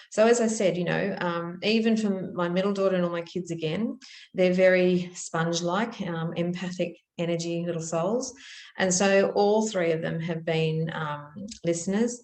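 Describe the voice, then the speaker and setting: A middle-aged woman teaching about spiritual practice in a gentle, earnest manner, telling stories with soft restarts. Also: low-pitched, reverberant. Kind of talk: reflective spoken teaching.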